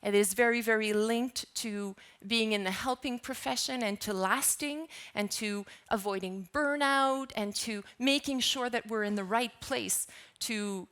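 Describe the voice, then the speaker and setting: A woman's voice: fairly high pitch, unhurried, few pauses, fairly bright tone. A woman giving a conference keynote talk in a lecture hall, often asking the audience questions. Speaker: keynote speaker.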